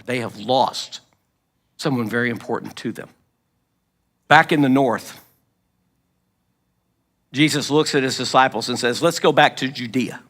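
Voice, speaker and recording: Male pastor, high bright voice, lively storytelling sermon, clears his throat often. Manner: storytelling, acts out quoted lines, frequent throat clearing. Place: church.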